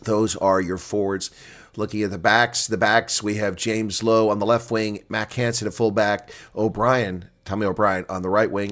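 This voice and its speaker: A man giving live reaction play-by-play commentary, excitable and opinionated, dropping to quiet asides and then rising to loud calls when the action starts. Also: on the low side, normal speed. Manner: opinionated, argues with referee calls. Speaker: live watch-along commentator.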